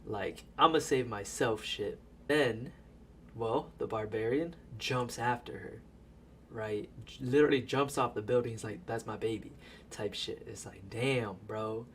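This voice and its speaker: A man giving a casual, profane recap of a movie as a voice-over, animated and laughing as he tells it. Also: mid-range voice, unhurried, slight background noise. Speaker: video creator.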